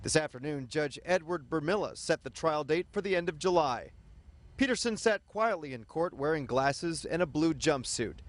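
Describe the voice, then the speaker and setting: A male television reporter delivers a scripted court update. His voice sits a little high, and his delivery is measured and formal, like a standard news package. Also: expressive.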